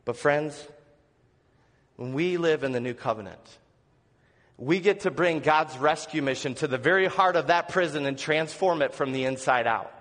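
A male pastor preaching an earnest sermon, asking the congregation questions and dropping to soft, low lines. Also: moderate pace, in a large hall. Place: church sanctuary.

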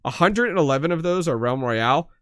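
A man co-hosts a casual podcast, animatedly telling stories and acting out both sides of conversations. His voice is a little high and fast, captured in a dry, clean studio recording.

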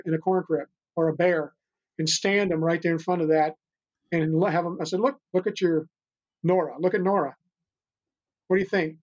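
A man's voice: a little high, darkish tone. An older man from the United States, a guest on a podcast, telling rescue stories in an earnest, rambling way with many restarts. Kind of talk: casual interview storytelling. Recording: dull lo-fi remote audio.

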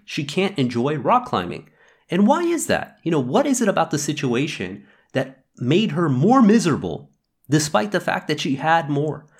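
Lively-voiced man reflecting on a podcast. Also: fairly high pitch. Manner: storytelling, relaxed, thoughtful with small fillers. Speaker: podcast host.

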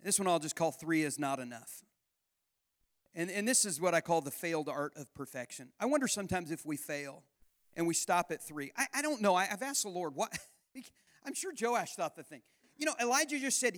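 A man's voice: sits high, lively intonation, a little fast, a bit bright. A man preaching a sermon at a church camp, telling a personal story in an earnest, conversational way with frequent restarts. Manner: earnest, conversational, many restarts and stammered repeats. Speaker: pastor.

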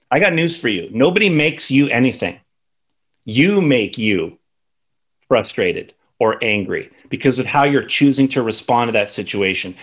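Conversational man teaching, mid-pitched. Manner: conversational, tags sentences with "right?". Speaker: instructor. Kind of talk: teaching lesson on communication.

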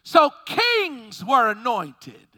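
A male preacher delivers a fervent sermon with a strikingly high, very bright voice. His pitch leaps and falls in lively swings, rising into shouts as he calls for the congregation's response. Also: very slow.

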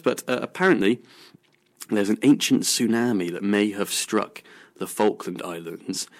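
A man hosting a local radio science show, chatting casually through news stories with lots of ums and restarts. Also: fairly low pitch. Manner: rambling with many fillers and restarts.

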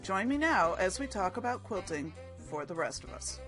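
A woman's voice: mid-range voice, very animated, normal speed, over loud music. A woman hosting her own hobby podcast in a chatty, rambling way, often correcting herself as she goes, recorded at home on a computer mic. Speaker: podcast host. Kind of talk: casual chat.

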